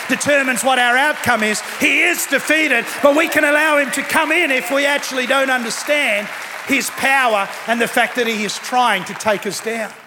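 Middle-aged male pastor, very high voice, emphatic sermon delivery, long hall reverb. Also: sharp tone, slight background noise. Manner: emphatic, repeats key phrases, acts out quoted people. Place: church auditorium.

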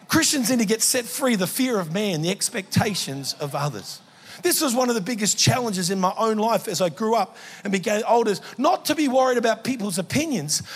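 A man preaching a sermon in a church, telling stories that build to shouted exhortation. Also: high voice, husky. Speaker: pastor. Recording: long hall reverb in a church.

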